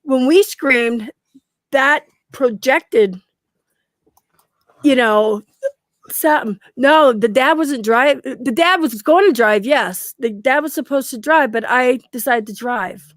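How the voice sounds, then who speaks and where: A middle-aged woman tells a story in a casual chat at home, with a fairly high voice that sounds dry and close. She acts out the quoted lines and laughs often. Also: slow pace, dry recording. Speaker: guest.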